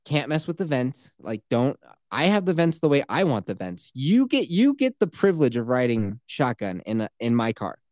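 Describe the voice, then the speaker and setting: A man ranting through a casual podcast story, swearing freely as his pitch climbs and drops across a lively range. His voice sits at an ordinary middle pitch and sounds close and dry, with no room echo. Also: moderate pace. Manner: profane, animated ranting storyteller.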